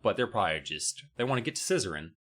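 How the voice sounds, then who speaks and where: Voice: low voice, big pitch swings, fast, fairly bright tone. A podcast cohost recapping a book chapter in a crude, joking storyteller's way. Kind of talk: casual comedic book recap.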